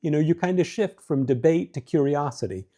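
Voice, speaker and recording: A middle-aged man hosting a show, giving marriage advice in a relaxed, conversational way with frequent fillers. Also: on the high side, a little fast. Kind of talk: casual advice talk.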